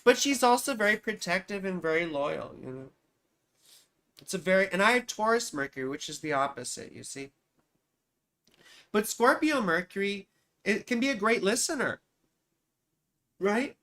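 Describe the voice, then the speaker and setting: Her voice low with a touch of brightness, a woman astrologer runs a live stream reading charts. She chats casually, wandering off topic, cursing and poking fun at herself.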